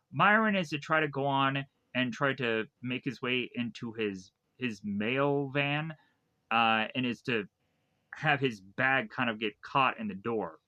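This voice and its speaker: A man's voice: medium pitch, bright, forceful tone, dull audio. A man casually retelling a film's plot for a review, rambling with lots of fillers and restarts. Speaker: film reviewer.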